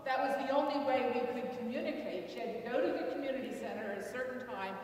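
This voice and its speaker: An older woman giving a public lecture, telling a personal story in an earnest, halting way with restarts. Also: fairly high pitch, a little mellow, a little hiss or hum. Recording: echoey hall from far off.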